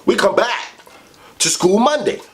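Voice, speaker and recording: A man spins a childhood story for the camera, swearing freely and driving his points home. His voice sits a little high and leaps up and down in pitch as he gets into it. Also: measured pace. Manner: animated, profane, heavy swearing; big swings in pitch for emphasis. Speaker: vlogger. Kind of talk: casual storytelling.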